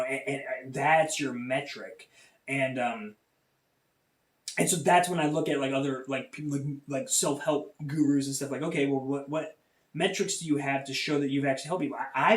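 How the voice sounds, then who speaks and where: A man chatting casually as a podcast host, winding through a personal story with lots of "like" and false starts. His voice sits at an ordinary middle pitch. The sound is roomy, as if he sits a bit back from the mic. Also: distant mic. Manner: rambling with many fillers and restarts.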